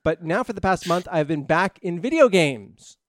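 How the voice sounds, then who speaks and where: A man's voice: sits high, animated, moderate pace, slight background noise. A man hosting a casual chat show, joking around and reading listener mail aloud. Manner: joking, reads mail aloud with put-on accents.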